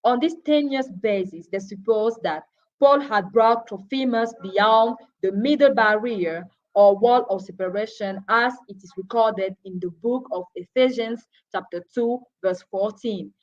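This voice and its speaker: A woman giving a Bible teaching, going through names, chapters and verses and sometimes stumbling over her words. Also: a little high. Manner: deliberate, with restarts and verse citations. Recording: dull lo-fi broadcast audio.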